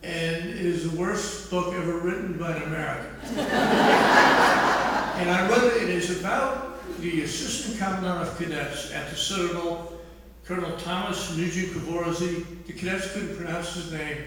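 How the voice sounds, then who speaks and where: A man's voice: sits high, fairly bright tone. An older man, an author telling self-mocking stories to an audience in a large hall. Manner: anecdotal, self-mocking, drawn-out delivery. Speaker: author speaking at an event. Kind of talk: humorous storytelling talk. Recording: echoey hall, distant mic, faint noise.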